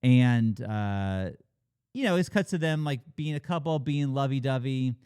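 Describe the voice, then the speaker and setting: A man talks through a movie plot in loose, casual chat, swinging his voice high whenever he mimics a character. He swears often and leans on fillers like "like" and "you know." The sound is close and dry with no room echo. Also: unhurried, smooth. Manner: animated retelling, acting out characters' lines with big pitch jumps. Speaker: podcast co-host reviewing a film.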